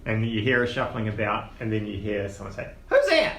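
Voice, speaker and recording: A man's voice: fairly low pitch, little pitch movement, fast talker, a bit bright. A man running a tabletop game as dungeon master, narrating and laughing often. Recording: roomy, distant mic with noise.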